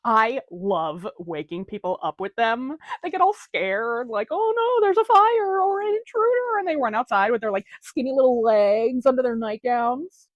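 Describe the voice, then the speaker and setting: Woman as a mocking, bawdy female ghost; lively, dry comedy read. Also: on the high side, moderate pace, hardly any pauses, no room sound, lo-fi sound, natural voice. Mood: gleeful. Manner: crude, teasing, mocking. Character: bawdy prankster female ghost, over a century old. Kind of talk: comedic audio drama.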